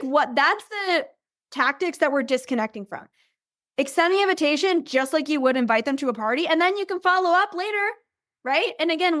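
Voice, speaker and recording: Casting note: high-pitched, bubbly woman coach, dry close voice, conversational and upbeat. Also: pushed and bright, dry recording. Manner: chatty, upbeat, says "right?" constantly; acts out invitees in bubbly voices. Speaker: business coach. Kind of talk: recorded coaching training.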